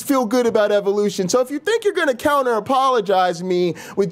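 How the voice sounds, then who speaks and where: A man's voice: a little fast, hardly any pauses. A man who works as an evolutionary biologist, a guest on a live call-in stream, ranting in an exaggerated, sarcastic, comedic way. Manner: animated, exaggerated and sarcastic, with big swings in pitch.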